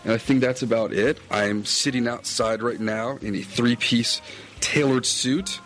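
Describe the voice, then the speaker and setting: A man's voice: mid-range voice, steady tone, unhurried, a bit bright, a little hiss or hum. A middle-aged man, a fly-fishing podcaster and guide, recapping his day in a chatty, meandering way, recorded outdoors. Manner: chatty, meandering, self-correcting. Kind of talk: casual rambling recap.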